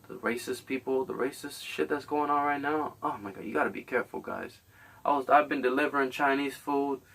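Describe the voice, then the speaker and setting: A man's voice: medium pitch, creaky, a bit bright, recorded from a distance. A man hosting a podcast, delivering a rambling, blunt, profane comedic monologue. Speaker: podcast host.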